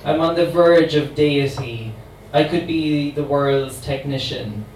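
A man's voice: fairly high pitch, takes it slowly, a little mellow. A man reading as a sassy immortal voodoo queen. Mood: wry. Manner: sassy, wry monologue delivery. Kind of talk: dramatic poetry reading. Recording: roomy, distant mic, faint ambient noise.

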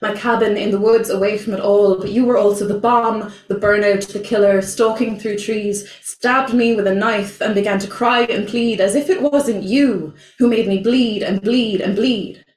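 A young woman performing a spoken word poem at an open mic, slow, deliberate and intense. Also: medium pitch, steady tone, a little mellow. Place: small venue, indoors. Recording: roomy, from far off.

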